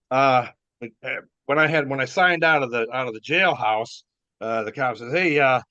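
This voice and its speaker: Older man, former wrestler, halting rambling storytelling, muffled lo-fi recording. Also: medium pitch, bright, forceful tone, no echo. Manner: chuckling, halting, lots of fillers and restarts. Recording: dull dry lo-fi sound.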